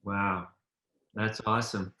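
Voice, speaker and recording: Male moderator, bright sharp tone, low-ish, roomy echo. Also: level tone, takes it slowly. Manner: short reactions, prompts others for stories. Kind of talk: casual reunion chat.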